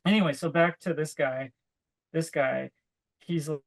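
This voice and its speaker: This young adult podcast co-host has a gravelly voice on the high side, speaking at a measured pace with a steady tone over low-quality audio. Chatting casually, he spins rambling stories full of "like" and laughs now and then.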